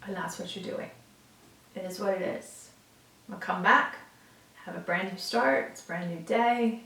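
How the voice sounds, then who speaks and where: A woman's voice: medium pitch, moderate pace, creaky, pushed and bright, distant mic. Earnest woman reading tarot, echoey room. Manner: earnest, emotional, talks straight to viewers, swears. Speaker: tarot reader. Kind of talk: casual tarot reading to camera. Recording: roomy and off-mic.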